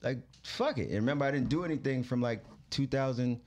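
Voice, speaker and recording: A man co-hosting a podcast, joking and telling animated stories in casual chat. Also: mid-range voice, fast. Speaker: podcast co-host, singer.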